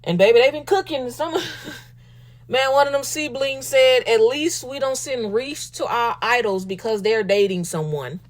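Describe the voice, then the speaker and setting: A woman with a Southern US accent hosting a casual commentary talk show, sassy and animated, calling her listeners baby and y'all. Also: on the high side, a little slow. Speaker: podcast host.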